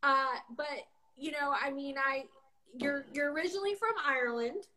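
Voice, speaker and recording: High bright american lady hosting a video call, southern-ish twang, lots of likes. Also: animated, normal speed, a little hiss or hum. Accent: mixed American with some Southern. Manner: chatty, bubbly, filler-heavy. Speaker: host. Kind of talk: casual chat on a livestream.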